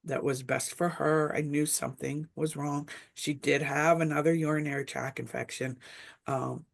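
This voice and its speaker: A woman's voice: deep voice, creaky. A middle-aged woman speaking as a webinar panelist, telling a reflective story in a casual discussion, with many fillers.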